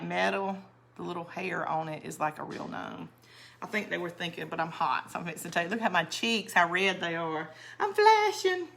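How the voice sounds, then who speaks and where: A woman's voice: mid-range voice, pushed and bright, a little hiss or hum. A woman hosting a live-streamed craft tutorial, chatty and rambling as she greets viewers. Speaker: craft channel host.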